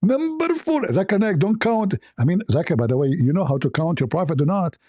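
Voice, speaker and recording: A man's voice: high voice, expressive, brisk, dark tone, no echo, studio quality. A man putting on a mocking impression of a smug male debate opponent, gloating and taunting in a sing-song way, as part of a comedy skit.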